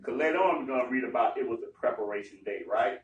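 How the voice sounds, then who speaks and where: A mid-range male voice, quick and heard from afar with the highs cut off, leads a Bible study in an echoey gathering room. He teaches in an animated, sermon-like way, speaking emphatically in slang and acting out the story's characters.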